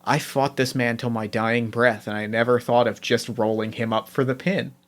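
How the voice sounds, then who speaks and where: A man's voice: mid-range voice, steady tone, normal speed, voice pushed down, lightly acted. A man voicing a burly masked male wrestler who speaks in a grave, rueful way.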